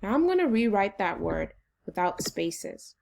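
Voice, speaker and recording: A woman teacher leading a phonics lesson for children, slowly and encouragingly sounding out syllables. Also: medium pitch, big pitch swings, creaky, darkish tone.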